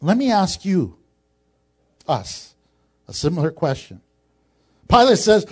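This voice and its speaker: A man's voice: high-pitched, very animated, unhurried, pauses often, a little mellow. A male pastor preaching a sermon in a conversational way, with joking asides.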